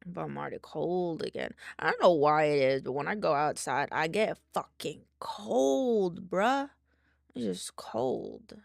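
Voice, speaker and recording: A woman's voice: low-pitched, expressive, unhurried, gravelly, no echo, studio quality. A young adult woman streaming, chatting loosely with her viewers and swearing casually as she reads chat aloud.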